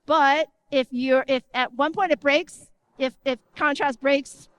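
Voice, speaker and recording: High-voiced woman giving a conference talk. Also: measured pace, muffled recording, a little hiss or hum. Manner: energetic, conversational, often asks the audience "right?". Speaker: conference speaker. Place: conference stage.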